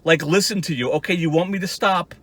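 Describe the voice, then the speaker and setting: A man's voice: sits high, fairly quick, fairly bright tone, no room sound. A man ranting in a mocking, profane commentary with lots of restarts. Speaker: YouTube commentator.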